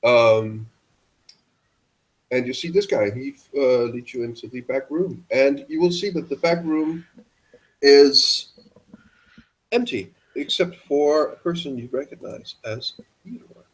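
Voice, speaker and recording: A man's voice: medium pitch, slow, poor audio. A man narrating a tabletop role-playing game as game master, descriptive with frequent hesitations.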